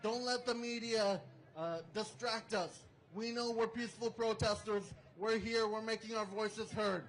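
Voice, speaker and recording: A man speaking forcefully at an outdoor protest rally, leading chants and introducing the next speaker. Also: high-pitched, steady tone, normal speed, slight background noise, rough recording. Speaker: rally emcee.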